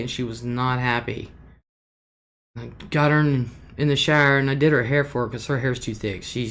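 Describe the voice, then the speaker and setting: Slow-talking chatty woman streamer. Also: extremely low pitch. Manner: chatty and homey, laughs often, reads viewer names aloud. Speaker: livestream host. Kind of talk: casual livestream chat greeting viewers.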